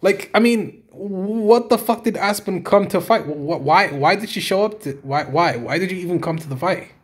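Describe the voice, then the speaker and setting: A fairly high-voiced man in a heated rant, swearing often and circling back to the same complaints. He sounds fed up and keeps hammering his points. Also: normal speed, breathy edge. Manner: exasperated, swearing, repetitive. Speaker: fight reviewer. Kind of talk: profane rant review.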